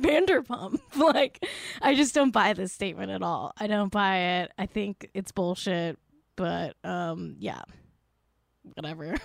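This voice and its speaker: A woman's voice: mid-range voice, no echo, clean studio sound. A woman giving exasperated, sarcastic commentary in a casual vlog, filling her talk with "like".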